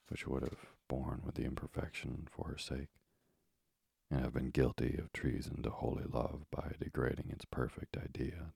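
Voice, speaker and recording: A man narrating a bedtime sleep story in a slow, soothing, breathy whispered role-play. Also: very deep voice, a little mellow, no room sound, studio quality.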